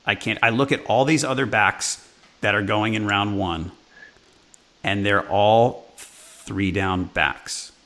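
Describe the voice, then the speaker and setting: A man from New York hosts a casual sports podcast in a low voice with a gravelly fry. His tone is bright and forceful. He talks conversationally and trails off mid-thought. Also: fairly even intonation, takes it slowly. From New York, USA. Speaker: podcast host.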